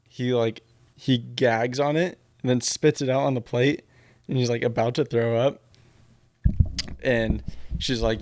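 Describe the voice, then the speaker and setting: A man's voice: mid-range voice, darkish tone. A man hosting a podcast, casually retelling a dating show in a rambling, filler-heavy way. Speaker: podcast host.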